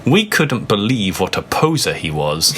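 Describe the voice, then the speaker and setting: Man, comic reading aloud, sarcastic asides, bright voice, very lively pitch, slow delivery. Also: slight background noise. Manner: amused, sarcastic, swearing freely. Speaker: reader of a fan fiction. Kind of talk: comedic dramatic reading with mocking asides.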